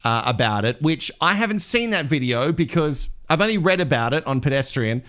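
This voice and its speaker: A man's voice: a little high, lively intonation, fairly quick, a bit bright. A man with an Australian accent hosts a live reality TV gossip show, chatting and laughing as he reads viewer comments. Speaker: host.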